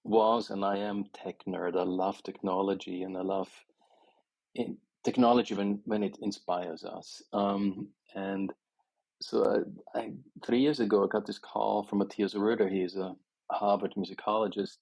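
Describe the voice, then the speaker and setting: A man's voice: on the low side, little pitch movement, unhurried, gravelly, a little mellow, no echo, poor audio. A middle-aged man with an Austrian German accent, telling stories as a composer guest in an interview, with many restarts and fillers. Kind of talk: conversational interview.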